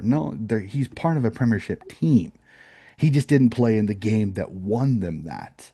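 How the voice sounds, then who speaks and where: A man's voice: fairly low pitch, animated, moderate pace, dark tone, slightly rough, no room sound, studio quality. A man co-hosting a sports podcast, chatting casually and rambling through opinionated points with frequent restarts. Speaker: podcast co-host.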